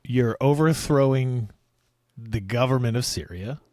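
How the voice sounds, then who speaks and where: A man co-hosting a comedy podcast, riffing and teasing his partner with quick playful interjections. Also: medium pitch, warm tone, dry recording, studio quality. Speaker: podcast co-host. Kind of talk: improvised comedy banter.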